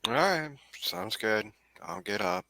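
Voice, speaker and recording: A man plays a tabletop game and makes slow, casual jokes. His voice is low in pitch but bright and forceful in tone. It is recorded dry and close. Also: sing-song, dry recording. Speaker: player. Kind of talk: casual chat in character.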